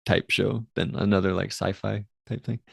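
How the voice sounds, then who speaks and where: A lowish, steady, husky voice with creaky texture and a fairly bright tone belongs to a podcast co-host speaking at a moderate pace, recorded dry at studio quality. He rambles loosely through an episode recap with fillers, often playfully quoting the characters.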